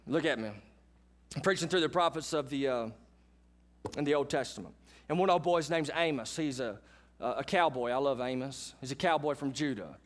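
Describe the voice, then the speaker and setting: A man, preaching a sermon in a church with animated, folksy asides to his congregation. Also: a little high. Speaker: pastor. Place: church sanctuary.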